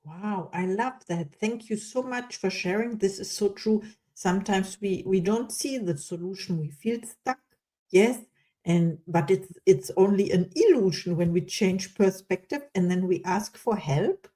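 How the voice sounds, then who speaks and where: A woman's voice: medium pitch, animated, a little slow. A woman hosting a podcast interview, talking in an enthusiastic and effusive way. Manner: enthusiastic, warm and effusive with praise. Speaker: podcast host. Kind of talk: casual interview chat.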